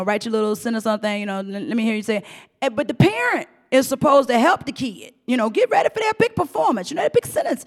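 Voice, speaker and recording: A middle-aged woman hosting a profane, animated commentary rant, often mimicking voices and laughing. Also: a little high, big-room sound. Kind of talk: ranting commentary monologue.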